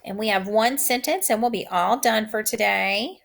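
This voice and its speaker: A woman teacher giving a recorded phonics lesson, saying each word twice in slow, drawn-out dictation. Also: mid-range voice, gravelly, fairly bright tone.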